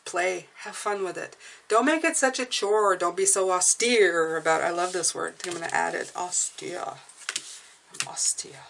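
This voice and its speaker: A woman's voice: fairly low pitch, moderate pace, gravelly, a bit bright, a little hiss or hum. Chatty woman doing a tarot reading. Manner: chatty, restarts phrases and repeats words; reassuring, often adds "okay?". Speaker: tarot reader. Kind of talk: casual spoken tarot reading.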